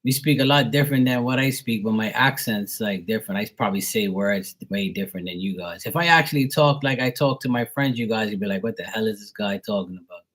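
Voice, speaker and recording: A man's voice: on the low side, fairly quick, few pauses, a bit bright. A young man from Bermuda with a mild Bermudian accent, chatting casually on a livestream, rambling with fillers and repeated words. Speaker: live tarot reader.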